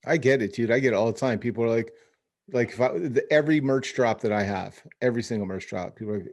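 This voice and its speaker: A man hosting a relaxed podcast conversation, talking in loose, rambling sentences with frequent restarts. He keeps an easy, friendly chat going with his guest. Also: mid-range voice, fast talker. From Phoenix area, US. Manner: rambling, many restarts, says dude and bro. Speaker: podcast host. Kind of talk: casual chat over video call.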